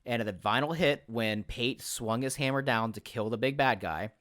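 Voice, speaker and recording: A man hosting a casual podcast chat as a game master, telling stories in an animated way, acting out other people's lines and swearing freely. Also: mid-range voice, moderate pace, no room sound, clean studio sound. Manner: animated storyteller who acts out quotes and swears freely.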